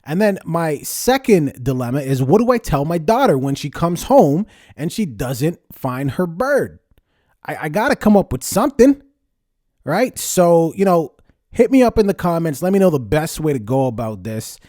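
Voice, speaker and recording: A man hosting a casual podcast, talking in a lively, conversational way and stressing words as he rants. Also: a little high, normal speed, dry recording, studio quality. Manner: lively, conversational, ranting with emphasis. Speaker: podcast host. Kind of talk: casual solo podcast talk.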